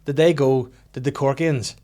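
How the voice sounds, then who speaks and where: A man hosting a comedy podcast, telling stories in quick casual chat and laughing often. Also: mid-range voice, fairly even intonation, warm tone. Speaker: podcast host.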